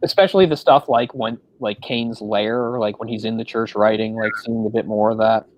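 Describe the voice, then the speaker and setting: A man's voice: fairly low pitch, moderate pace, lo-fi sound, slight background noise. A man co-hosting a casual film discussion podcast, talking in a rambling way with many fillers. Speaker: podcast co-host.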